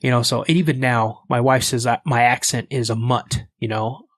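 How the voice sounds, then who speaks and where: A man from the United States, a podcast guest, telling a story in a casual, animated way and acting out the voices in it. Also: mid-range voice, moderate pace, dry recording.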